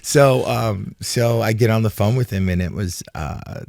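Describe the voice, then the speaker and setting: A man's voice: fairly low pitch, measured pace, creaky, darkish tone, no echo, clean studio sound. A man and retired fighter, a guest in an interview, telling a long story in a rambling way and acting out what others said to him. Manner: rambling, restarts, acts out quoted talk. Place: studio in Hollywood.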